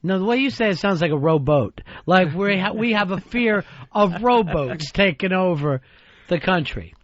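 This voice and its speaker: High-voiced man teasing on talk radio. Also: lively intonation, fairly bright tone, dry recording. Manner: dry, teasing, quick comebacks. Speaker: radio talk show host. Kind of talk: casual talk radio banter. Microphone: studio microphone. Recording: dull, dry studio broadcast sound.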